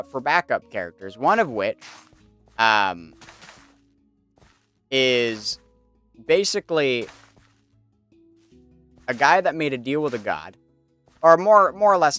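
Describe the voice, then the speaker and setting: A man's voice: medium pitch, a bit bright, clean tone. A man streaming a game, chatting casually and rambling with many fillers. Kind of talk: casual commentary while gaming.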